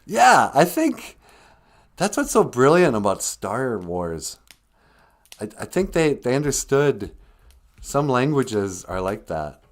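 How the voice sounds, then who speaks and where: A man's voice: mid-range voice, sing-song, takes it slowly. A man hosting a casual language livestream, chatting in a rambling, joking way.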